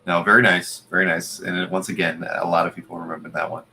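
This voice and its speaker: A male host keeps a casual live-stream chat going, with short replies and viewer comments. His voice is low and bright with a gravelly edge, and faint noise sits under the recording. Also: little pitch movement, fast. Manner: brief agreeing replies, reads viewer comments. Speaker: show host.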